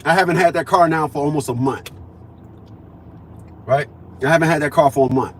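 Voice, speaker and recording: A man in his fifties delivering a profane, preachy ranting monologue, repeating himself and swinging between loud declarations and low mutters. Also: fairly quick, a little hiss or hum. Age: 50s. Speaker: vlogger.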